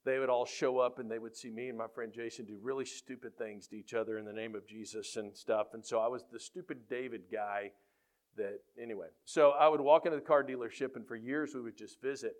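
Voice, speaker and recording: A middle-aged man, a football coach, tells faith stories to a room with lively energy, his voice sitting in an ordinary middle register. He gets loud and punchy whenever he acts out what people said. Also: mid-range voice, fairly quick. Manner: animated, gets loud when acting out quotes. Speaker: high school football coach. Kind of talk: faith-based storytelling talk.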